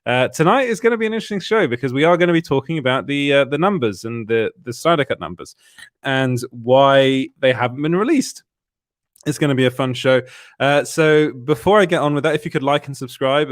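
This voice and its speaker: A tired man hosting a live stream chats casually and rambles, with many "uh" fillers and frequent little chuckles. His voice is mid-range, and the recording is dry with studio quality.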